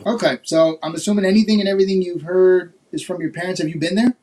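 A man's voice: sits high, fairly even intonation, fast, warm tone, poor audio. A man from Florida hosting a casual podcast chat, asking loose, rambling questions with lots of fillers. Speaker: podcast host.

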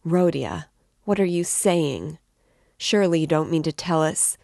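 A woman's voice: sits low, animated, unhurried, vocal fry, dark tone, no echo, clean studio sound, heavily acted. A woman voicing an anxious, tearful middle-aged mother who speaks timidly and pleadingly.

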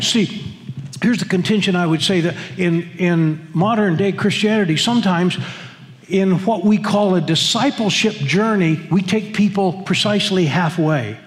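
A man's voice: high voice, measured pace, long reverb tail, poor audio. A man preaching a sermon to his congregation, emphatic, often repeating words and restarting phrases. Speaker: pastor. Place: church sanctuary.

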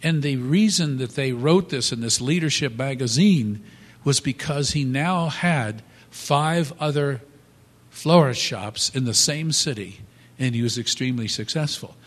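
Man telling a story in a reverberant hall. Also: mid-range voice. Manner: halting, many restarts, animated. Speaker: speaker. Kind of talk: motivational storytelling talk.

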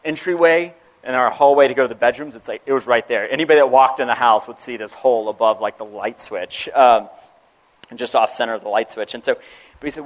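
A young man casually telling a heartfelt personal story, laughing often and dropping to a hush for the serious parts. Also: mid-range voice, brisk, poor audio. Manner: laughs often, many restarts, drops to a hush for serious moments. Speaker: speaker sharing a personal story.

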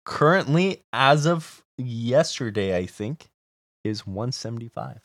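A man's voice: mid-range voice, expressive, measured pace, no room sound, studio quality. A young man from Canada, co-hosting a podcast in casual chat, ranting profanely and with energy. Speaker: podcast co-host.

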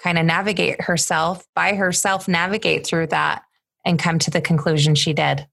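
A woman hosting an interview podcast, speaking in a warm, appreciative way. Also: fairly low pitch, little pitch movement, moderate pace, gravelly. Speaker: podcast host. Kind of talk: casual interview chat.

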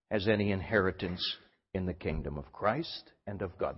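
A man, a pastor, preaching a sermon in a church hall, emphatic and often restarting his sentences. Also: lowish voice. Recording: dull recording in a reverberant hall.

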